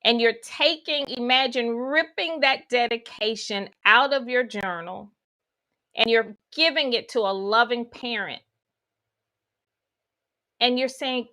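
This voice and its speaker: A woman's voice: a little high, takes it slowly, pauses often, bright, forceful tone. A woman giving a spiritual teaching talk, guiding listeners through imagery with folksy asides.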